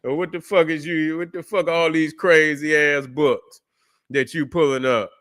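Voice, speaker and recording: A man's voice: a little high, steady tone, a little slow, a bit bright. A man hosting a livestream, loose and profane, mocking, with many fillers and restarts. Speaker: livestream host. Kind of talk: casual ranting commentary.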